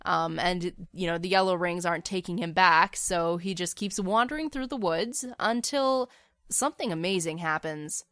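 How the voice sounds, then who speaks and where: A woman's voice: on the low side, normal speed, fairly bright tone, no echo, studio quality. A woman casually narrating a fan story in a chatty, wry way, with the odd filler.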